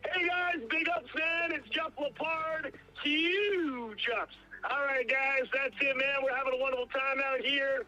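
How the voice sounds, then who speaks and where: Brief: man putting on a hyped young streamer guy, higher and brighter, over a dull phone line. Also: fairly even intonation, unhurried, few pauses, faint music behind, heavily acted. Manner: repeats catchy hype phrases. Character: upbeat young male travel streamer signing off.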